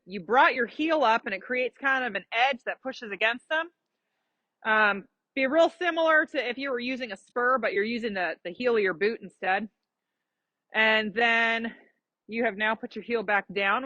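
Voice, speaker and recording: Woman riding coach, bright and somewhat high voice, patient explainer, dry dull-sounding recording. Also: no echo. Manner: encouraging, explains patiently with examples. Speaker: riding instructor. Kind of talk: live coaching during a riding lesson.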